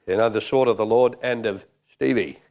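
Jokey preacher, low voice. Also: male voice, moderate pace, a little mellow. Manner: jokey, conversational, with fillers. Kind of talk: sermon.

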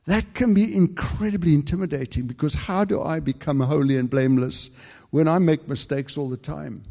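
A man preaching a fervent sermon to a congregation, stumbling over restarts as he builds to high, excited peaks. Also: normal speed, gravelly, long reverb tail. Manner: frequent stammered restarts.

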